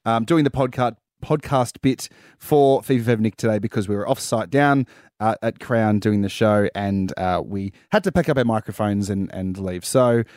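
A man, a radio producer, talking casually and haltingly on a podcast. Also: fairly low pitch, darkish tone, no room sound, clean studio sound. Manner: halting, full of ums.

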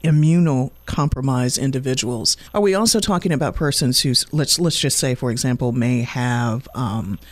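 A man hosting a weekend radio interview show, speaking with effusive praise and long, drawn-out phrasing. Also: mid-range voice, dry recording.

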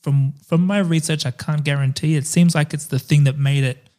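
Male co-host, casual banter, slightly higher voice, cracks jokes. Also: steady tone, normal speed, mellow. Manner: jokey, swears freely, laughs often. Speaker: podcast co-host. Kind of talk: casual chat.

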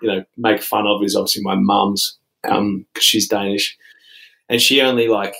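A young Australian man with a somewhat low voice chats in a relaxed, meandering way. He stacks up "um"s, "like"s and false starts as he tells his stories. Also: moderate pace, gravelly, poor audio. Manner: rambling, many fillers and restarts. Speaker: podcast co-host. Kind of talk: casual chat.

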